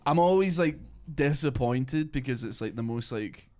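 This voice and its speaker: A man's voice: mid-range voice, expressive, normal speed, darkish tone. A man streaming a video game, chatting casually in a rambling way with lots of fillers. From Scotland. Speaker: gaming streamer. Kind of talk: casual gameplay commentary.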